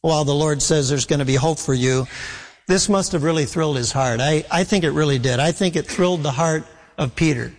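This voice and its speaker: A man's voice: a little high, brisk. A man preaching a sermon with earnest emphasis, acting out scripture dialogue in his own voice. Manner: earnest preaching, voicing Jesus in quotes. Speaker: pastor. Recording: long hall reverb.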